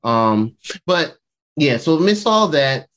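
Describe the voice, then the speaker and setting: A man's voice: on the high side, big pitch swings, slow, a bit bright. A man hosting a podcast, recapping an episode in a rambling, casual way and acting out the characters' lines. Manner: rambling, many fillers, acts out character quotes, laughs often.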